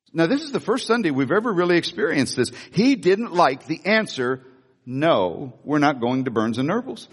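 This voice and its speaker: A man's voice: on the high side, big pitch swings, normal speed, slightly rough, big-room sound. An older man, a grandfather and pastor, preaching a sermon in a church in a folksy storytelling way, often restarting his phrases. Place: church sanctuary.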